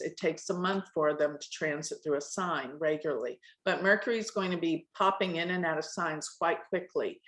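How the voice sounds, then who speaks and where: A middle-aged woman teaching an astrology class, pronouncing every word clearly with deliberate stress. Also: medium pitch. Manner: clearly enunciated, carefully stressed words. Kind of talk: lecturing a live astrology class. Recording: echoey room.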